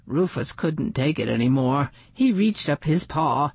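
A woman reading a children's storybook aloud in an expressive, lively way. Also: low-pitched, measured pace, hardly any pauses, husky, no echo. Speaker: storybook reader.

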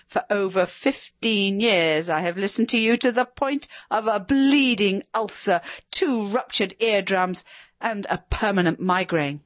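A woman's voice: mid-range voice, lively intonation, unhurried, dry recording, natural voice. A woman voicing a bitter, scornful husband in a spoken story, sneering and sarcastic. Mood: raging.

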